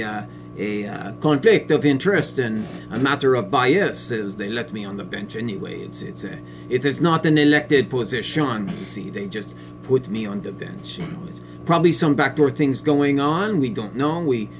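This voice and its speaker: In a satirical sketch, a male comedic performer plays a smug, biased female family court judge. He speaks pompously and condescendingly, with drawn-out, sneering pauses, in a mid-range voice with a fairly bright tone.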